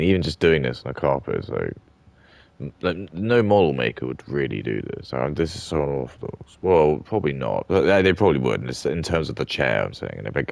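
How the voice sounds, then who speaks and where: Gravelly, very deep-voiced man. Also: dry recording. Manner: crude, rambling and mumbling. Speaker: streamer building models. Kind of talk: casual chat while crafting. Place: at home, sitting on a carpet.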